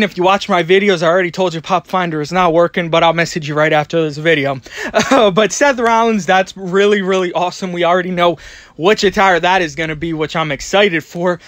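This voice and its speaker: Hyped-up guy rambling out of breath, kinda high voice, super dry sound. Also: no room sound. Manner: excitable, rambling, repeats words. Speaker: toy collecting vlogger. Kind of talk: excited voiceover commentary.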